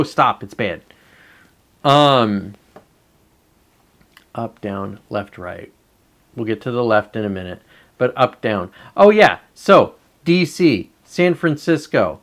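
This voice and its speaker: A man's voice: mid-range voice, a bit bright. Rambling, profane male live-streamer. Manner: rambling, profane, reads chat comments aloud. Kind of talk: casual live-stream commentary.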